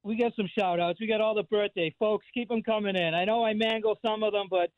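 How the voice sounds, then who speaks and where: He's a man from the Boston area, in his fifties, who regularly phones in to a radio show for casual chat. His stories ramble, full of fillers and restarts, delivered briskly in a high voice with fairly even intonation. The phone-quality audio has no room sound.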